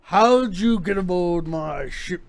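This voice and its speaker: A man's voice: sits high, animated, takes it slowly, full character voice. A man voicing a blunt half-orc pirate captain. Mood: suspicious. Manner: blunt, threatening orders.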